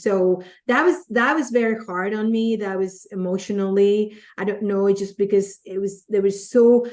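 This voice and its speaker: A Latina woman who is a guest on a podcast, telling stories from her career in an animated way and acting out the quotes. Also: medium pitch. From Latin America. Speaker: guest, network marketer. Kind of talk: conversational storytelling.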